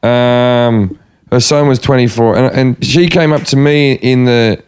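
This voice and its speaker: A man's voice: medium pitch, measured pace, darkish tone, clear, resonant tone. A man telling a story in casual chat, wry and joking.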